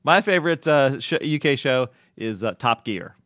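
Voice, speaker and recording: A man's voice: mid-range voice, animated, normal speed, a bit bright, no echo. A man with an ordinary mid-range voice hosting a loose podcast, recorded close and dry. He ribs his co-host, laughs easily and keeps steering the talk to the next letter or call. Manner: teasing, laughs often, steers the show. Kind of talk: casual podcast banter.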